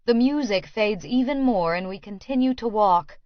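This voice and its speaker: A woman narrating an audiobook in the first person, in a slow, hushed, measured voice. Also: mid-range voice, animated, dry recording, highs cut off.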